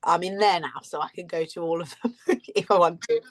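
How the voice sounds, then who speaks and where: Chatty lower-voiced woman co-host. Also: brisk. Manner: chatty, rambling, laughs often. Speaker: podcast co-host. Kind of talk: casual chat.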